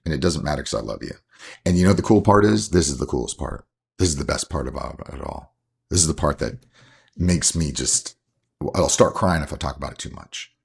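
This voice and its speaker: Casting: man, 40s, deep gravelly voice, earnest heartfelt coach-dad in a relaxed interview. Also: fairly quick. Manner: earnest, heartfelt, rambling with restarts. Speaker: coach and father, podcast guest. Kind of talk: casual interview conversation.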